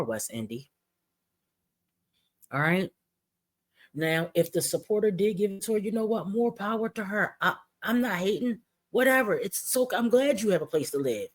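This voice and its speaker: A commentary host giving blunt, sarcastic, profane running commentary on another streamer's clips. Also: mid-range voice.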